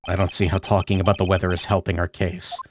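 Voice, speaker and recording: A streamer voicing a dry, sardonic young male lawyer in a lowered voice. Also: little pitch movement, fast, faint music behind, lightly acted. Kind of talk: game dialogue read-along.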